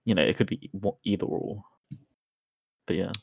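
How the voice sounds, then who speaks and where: A young man chatting as a podcast co-host, recounting facts in a halting way. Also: low-pitched, creaky, darkish tone, husky, dry recording. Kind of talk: casual chat.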